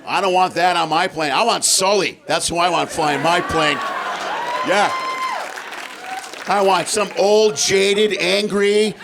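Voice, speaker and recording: High-pitched gravelly stand-up comic. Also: male voice, slow, crowd noise, noisy background. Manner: high-energy, acts out voices and shouts punchlines. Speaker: stand-up comedian. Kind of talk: stand-up comedy set. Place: comedy stage before a laughing audience.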